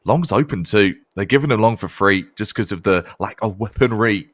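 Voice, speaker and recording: A man casting a competitive shooter match, with excitable play-by-play and playful quips. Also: on the low side, normal speed, dry recording, studio quality. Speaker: esports caster. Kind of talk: play-by-play commentary.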